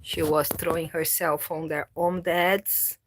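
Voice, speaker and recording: Slow-talking woman cooing to her cats. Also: sits low, level tone, slight background noise. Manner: coaxing baby talk to her cats, calling and meowing. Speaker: cat owner and vlogger. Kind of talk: casual vlog narration.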